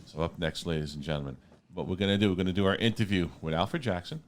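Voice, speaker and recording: A man hosting a casual radio interview show, playful and repetitive, with a New York accent, often trailing off quietly. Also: sits low, quick pace.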